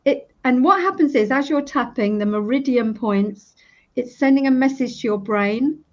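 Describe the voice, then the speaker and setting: A woman's voice: high-pitched, normal speed, a little mellow. A woman in her fifties, a practitioner being interviewed, explaining her technique and acting out sample self-talk as she goes. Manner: demonstrative, acts out sample self-talk while tapping. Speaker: EFT practitioner, guest. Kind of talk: casual interview. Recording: dull lo-fi recording.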